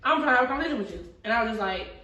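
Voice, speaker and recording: A woman's voice: a little high, expressive, very fast, pushed and bright. A woman in her twenties, a podcast guest, telling stories in casual slangy chat and acting out the voices in them. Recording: roomy echo, mic at a distance, faint ambience.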